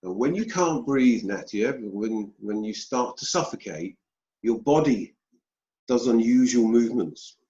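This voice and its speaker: A British man telling a personal story as an interview guest, slow and deliberate with pauses. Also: mid-range voice, expressive, warm tone. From United Kingdom. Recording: dull roomy sound.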